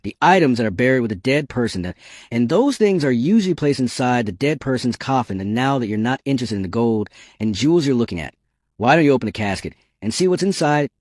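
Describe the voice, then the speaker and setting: A man's voice: medium pitch, lively intonation, quick pace, darkish tone, no room sound, studio quality. A man narrating a story recap and reading every part himself in a plain storytelling manner.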